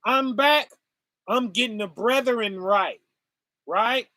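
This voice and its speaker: High, bright-voiced preacher man, slow. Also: dry recording, clean studio sound. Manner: call-and-response asides, laughs while preaching. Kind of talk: informal sermon.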